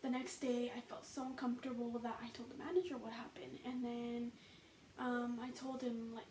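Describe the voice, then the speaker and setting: A young woman with a slightly high voice tells a personal story in a casual, chatty way, peppering it with "you know," "like," and the odd curse. She sits a little back from the mic in a roomy, echoey space, with faint ambient noise behind her. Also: level tone, brisk, darkish tone, distant mic. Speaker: vlogger.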